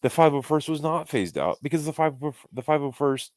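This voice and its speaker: A man's voice: a little high, animated, a little fast, darkish tone, no echo. A man co-hosting a casual podcast chat, rambling with many restarts as he makes his points. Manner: rambling, restarts often, fan opinions. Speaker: podcast co-host.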